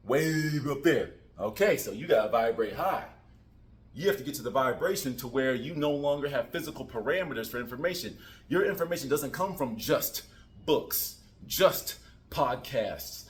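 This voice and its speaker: A man talking casually to camera about spiritual growth, goofy and joking. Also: fairly high pitch. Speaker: vlogger. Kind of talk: casual motivational talk.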